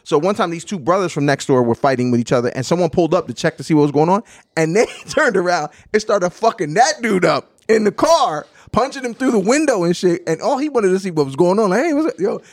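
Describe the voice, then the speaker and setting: A man chatting casually on a podcast, telling stories in an animated way, acting out quotes and swearing freely. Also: high-pitched, quick pace, no room sound, clean studio sound. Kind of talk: casual chat.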